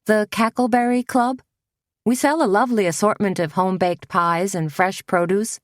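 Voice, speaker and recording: A woman's voice: mid-range voice, steady tone, moderate pace, pitched above the performer's own voice, lightly acted. A woman voicing a kind, determined café owner who speaks steadily and reassuringly in a storybook reading.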